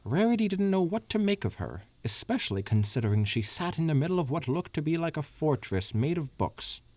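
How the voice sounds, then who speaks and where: A man's voice: fairly high pitch, big pitch swings, a little fast, darkish tone, no echo. A man co-hosting a comedy podcast, reading fanfiction aloud and stopping to add asides. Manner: reads with asides and stumbles.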